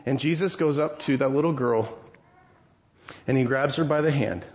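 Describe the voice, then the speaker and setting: A man preaching a sermon, retelling a story with animated acted voices. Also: mid-range voice, normal speed. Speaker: pastor. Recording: dull lo-fi sound.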